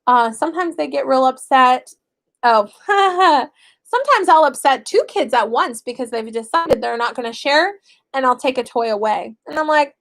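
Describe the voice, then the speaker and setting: A young mother talks casually to her camera with a bright, high voice. She is chatty and animated, and often acts out what she tells her kids. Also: brisk, vocal fry. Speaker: stay-at-home mother starting homeschooling. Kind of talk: casual vlog chat.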